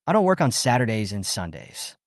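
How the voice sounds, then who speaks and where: A man's voice: fairly low pitch, sing-song, brisk, dry recording, studio quality. A man voicing a fretful young male coworker explaining a problem.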